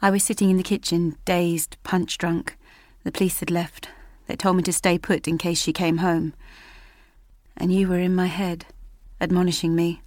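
A woman's voice: fairly low pitch, flat delivery, normal speed, darkish tone, no echo. A woman narrating a first-person audiobook in a tense, intimate way, close to a studio mic.

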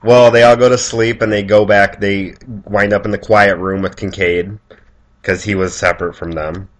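A man casually chatting as a podcast co-host, calmly recapping a film's plot and chuckling. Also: on the low side, moderate pace. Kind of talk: casual chat.

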